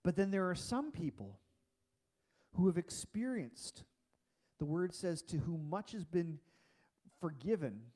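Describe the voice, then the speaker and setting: A man preaching a casual, animated sermon in a church, with frequent restarts. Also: high-pitched, unhurried, long pauses. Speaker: pastor.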